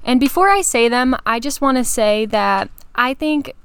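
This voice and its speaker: A woman's voice: a little high, animated, moderate pace, fairly bright tone, slight background noise. A young woman co-hosting a casual chat podcast, laughing and teasing, recorded out on a porch. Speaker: podcast co-host. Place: outdoors on a porch.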